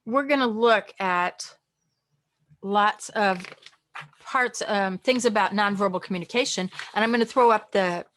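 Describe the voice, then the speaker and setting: A woman's voice: medium pitch, unhurried, a little hiss or hum. Chatty woman teaching an online class. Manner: chatty, lively, acts out tones.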